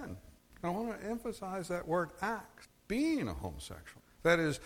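A man preaching a sermon with a fairly high voice, moving between low, deliberate phrases and sudden high, forceful stresses. The sound carries a long reverb, as in a large church sanctuary. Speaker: pastor.

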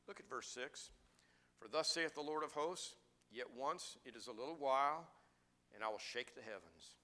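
A middle-aged man preaches a sermon. His voice is bright and somewhat high for a man, and he builds to emphatic, repeated declarations before dropping to soft, hushed asides. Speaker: pastor.

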